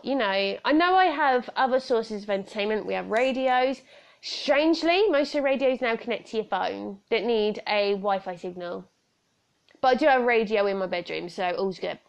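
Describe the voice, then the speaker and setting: A British woman in her thirties hosting a solo podcast, chatty and rambling, often breaking into laughter. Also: on the high side. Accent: British English. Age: 30s. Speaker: podcast host. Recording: slightly dull lo-fi sound.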